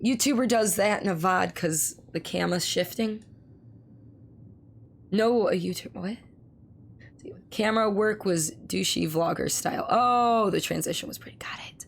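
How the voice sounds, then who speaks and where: Hoarse, gravelly-voiced woman streamer. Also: medium pitch, unhurried, a little hiss or hum. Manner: chatty, swears freely, reads chat aloud. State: hoarse, strained voice. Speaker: live streamer. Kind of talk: casual live-stream chat.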